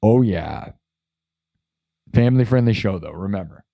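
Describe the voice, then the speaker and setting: A man's voice: lowish voice, animated, normal speed, gravelly, no echo, lo-fi sound. A man hosting a live stream, chatting in a rambling, jokey way and talking straight to his chat. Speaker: live-stream host and musician.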